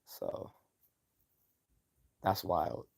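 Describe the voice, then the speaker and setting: A man's voice: extremely slow, darkish tone, no echo. A man hosting a live stream in a casual commentary style, loose and mocking, chuckling often and swearing freely.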